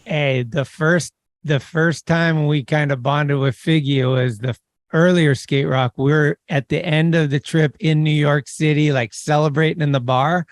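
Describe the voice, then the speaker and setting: A man hosting a podcast, chatting casually and excitably, laughing often. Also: a little high, a little slow, no echo, studio quality. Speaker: podcast host. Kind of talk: casual chat.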